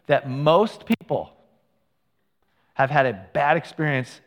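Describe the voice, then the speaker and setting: A man preaching as a pastor in a relaxed, conversational way, telling personal stories with asides and self-corrections. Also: on the high side, slow pace, in a large hall. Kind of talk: sermon. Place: church sanctuary.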